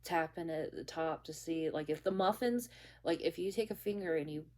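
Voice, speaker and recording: Casting note: young woman with a low voice, casual storyteller, halting and rambly. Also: a little mellow. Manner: rambling, halting, many restarts and fillers. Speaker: bakery worker telling a story.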